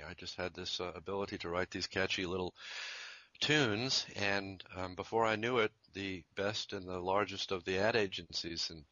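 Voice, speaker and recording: A very low-pitched man in his fifties tells stories in an easygoing interview, chuckling and doubling back on himself as he goes. His voice has a bright, forceful edge. The recording is dry and a little dull. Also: dry recording. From Virginia, USA. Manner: rambling, chuckling, self-interrupting. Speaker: jingle composer and musician. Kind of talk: conversational interview storytelling.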